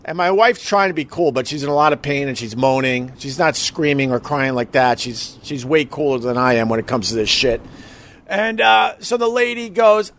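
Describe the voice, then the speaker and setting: A man's voice: fairly high pitch, animated, moderate pace, fairly bright tone. A man telling a personal emergency story in a casual, emotional way, swearing and acting out what others said. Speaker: husband recounting an emergency.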